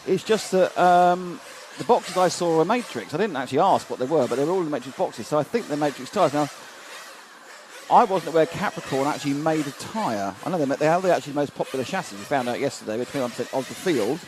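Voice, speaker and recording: A man's voice: a little high, lively intonation, fast. A man commentating live on a radio-controlled car race, chatting casually and reading out viewer messages with asides. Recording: noisy trackside with engine sounds. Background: race car engines and ambience.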